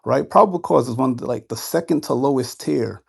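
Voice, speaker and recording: A man in a heated online debate, mocking and halting, tagging on "right?" again and again. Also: mid-range voice, gravelly, husky. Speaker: debate caller.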